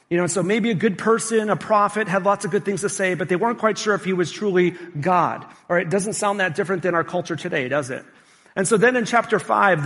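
A man's voice: high voice, fairly bright tone, in a large hall. A male pastor preaching a sermon and engaging the congregation with questions. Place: church sanctuary.

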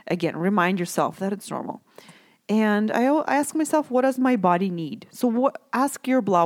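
Gentle, chatty woman in a dry room. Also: medium pitch, no echo. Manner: gentle, conversational, often asks "right?". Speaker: mom talking about self-care. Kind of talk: casual reflective talk to listeners.

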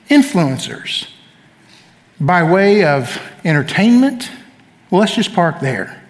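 A middle-aged man preaches from the pulpit in a high, ringing voice. He is emphatic and keeps prodding the congregation to answer back. His words trail into the long reverb of a church hall. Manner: emphatic, calls for audience responses. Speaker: pastor. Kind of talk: sermon. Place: church sanctuary.

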